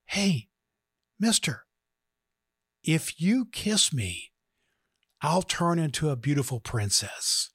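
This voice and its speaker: A man voicing a female talking frog who begs to be kissed, in a strained falsetto. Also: big pitch swings, slow, long pauses, fairly bright tone, slightly rough, dry recording, studio quality, full character voice. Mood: coaxing. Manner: begging, growing frantic and shrill.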